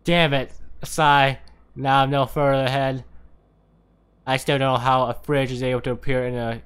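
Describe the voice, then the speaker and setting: A man's voice: mid-range voice, little pitch movement, moderate pace, a bit bright, clean tone. Wry, swearing man on stream. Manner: casual, swearing, wry asides while reading. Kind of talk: casual reading of a visual novel on stream.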